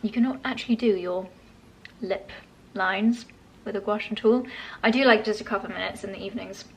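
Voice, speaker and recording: A chatty woman talks casually in her home vlog. She gushes about products and laughs softly now and then, all while working through a facial massage. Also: medium pitch, fairly quick, gravelly. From England. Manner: chatty and gushing, with soft laughs. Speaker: lifestyle vlogger.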